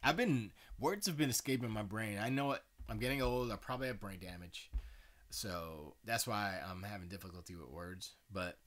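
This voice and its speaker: A man's voice: on the low side, moderate pace, a bit bright. A tired man hosting a livestream, chatting casually and rambling from thought to thought with many fillers and slangy asides. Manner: meandering, self-correcting, loose slangy talk with frequent fillers. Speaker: livestream host. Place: home studio.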